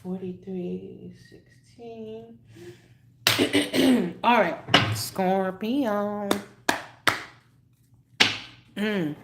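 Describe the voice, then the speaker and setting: Slow-talking woman tarot reader, choked up. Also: mid-range voice, background noise. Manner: slow, chatty, often clears her throat. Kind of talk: live-stream tarot reading.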